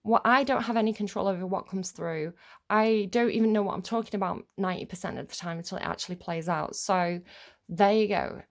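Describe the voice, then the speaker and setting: A woman's voice: mid-range voice, brisk. A young woman, a tarot reader, chatting casually and rambling with many fillers, swearing when annoyed. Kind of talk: casual chat to camera.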